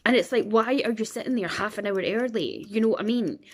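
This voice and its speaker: A woman's voice: fairly high pitch, brisk. A Scottish woman in her thirties, rambling in a casual chat and acting out the voices of people in her stories. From Scotland. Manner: chatty and rambling, acts out quoted voices. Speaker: vlogger.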